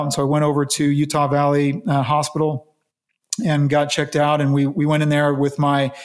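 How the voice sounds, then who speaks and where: A man being interviewed, recounting a personal story in an earnest, reflective way with halting restarts. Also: fairly high pitch, monotone. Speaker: interview guest.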